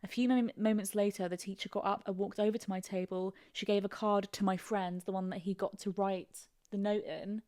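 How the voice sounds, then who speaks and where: A woman's voice: medium pitch, flat delivery, fairly quick, mellow. A young woman co-hosting a podcast in casual chat, giggling as she reads a story aloud. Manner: giggly, breaks into laughter while reading a story aloud. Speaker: podcast co-host.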